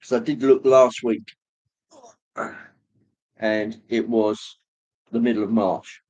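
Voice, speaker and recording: A man hosting a livestream, casually rambling as he reads viewer comments, with many pauses and fillers. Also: on the low side, steady tone, dark tone, muffled recording. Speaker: livestream host reading chat. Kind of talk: casual chat.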